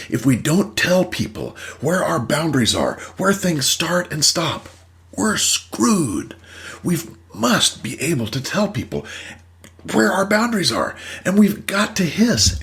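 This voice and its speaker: A man, a therapist and host, telling a story and explaining ideas in an emphatic, animated way. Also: a little high, normal speed, creaky. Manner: animated, emphatic, acts out voices. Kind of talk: storytelling and teaching talk.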